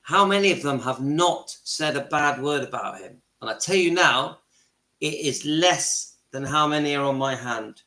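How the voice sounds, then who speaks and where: A man's voice: on the high side, expressive, unhurried, pushed and bright, echoey room. A middle-aged man hosting his own channel, delivering an impassioned monologue from home and repeating phrases for emphasis. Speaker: channel host. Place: his home, kitchen and lounge.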